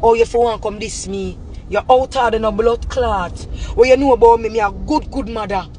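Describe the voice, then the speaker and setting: A Jamaican woman ranting to camera in a heated, profane, repetitive tirade that breaks into shouting. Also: on the high side, moderate pace, a little hiss or hum. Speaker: vlogger. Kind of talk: angry rant to camera.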